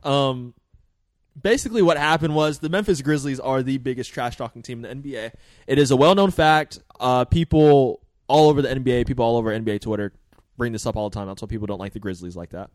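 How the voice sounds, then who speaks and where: A man's voice: mid-range voice, fast talker, a little mellow, dry recording, studio quality. A man co-hosting a podcast, chatting casually about sports news in a loose, rambling way with slang and lots of fillers. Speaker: podcast co-host.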